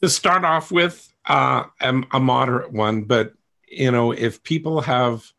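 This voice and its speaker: A man's voice: medium pitch, unhurried, gravelly, bright, forceful tone. A man hosting a coaching session, talking to a group in a candid, rambling way with self-deprecating humor. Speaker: coach and host.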